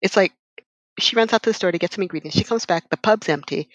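A woman in casual conversation about a book, laughing often and acting out scenes in lively voices. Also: medium pitch, fast, dry recording.

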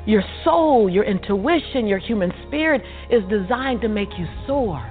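A woman guest telling her life story in a lively, motivational way, acting out the dialogue and laughing often. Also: mid-range voice, moderate pace. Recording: tinny phone-like sound with faint music.

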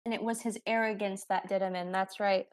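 A woman's voice: mid-range voice, fairly even intonation, fairly quick, clean tone. A woman in casual conversation, chiming in and enthusing about a film.

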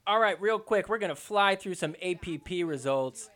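A man hosting a podcast, recapping match highlights in a joking, excitable commentary style. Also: normal speed. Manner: excitable, joking, mimics players in quotes.

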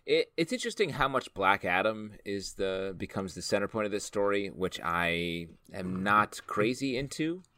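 A man's voice: on the low side, expressive, moderate pace, hardly any pauses, bright, forceful tone. A man co-hosting a casual comic review chat, with a wry, dry sense of humor. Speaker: co-host.

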